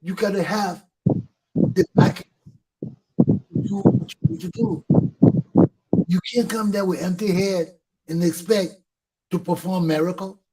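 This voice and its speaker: A middle-aged Liberian man hosts his talk show in a fiery, impassioned monologue. His voice sits fairly high with a husky, rough edge. He hammers his points home by repeating them and swearing. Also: lively intonation, a little slow, long pauses, dark tone, rough recording. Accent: Liberian English.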